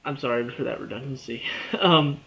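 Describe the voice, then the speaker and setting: A man's voice: mid-range voice, normal speed, fairly bright tone. A young man casually reviewing a movie trailer, rambling and chatty with lots of fillers and restarts, sounding a bit tired. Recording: dull lo-fi recording.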